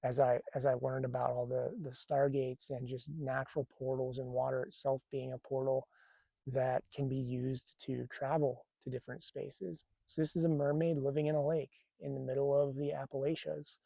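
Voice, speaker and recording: A man's voice: mid-range voice, flat delivery, normal speed, gravelly, warm tone, dry recording. A man telling a personal spiritual story in a casual, rambling way, with many fillers and restarts. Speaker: spiritual channeler.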